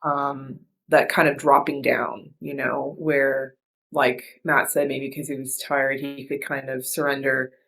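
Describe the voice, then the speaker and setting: A woman hosting a podcast, reflecting in casual chat, soft and earnest, with many restarts and fillers. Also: a bass voice, little pitch movement, measured pace, creaky. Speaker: podcast host.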